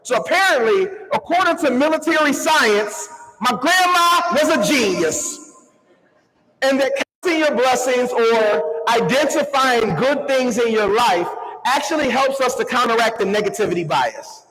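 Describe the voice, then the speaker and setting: A man giving an energetic motivational keynote to a live crowd, calling on the audience to answer and move along with him. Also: very high voice, measured pace. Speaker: motivational speaker. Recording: long hall reverb.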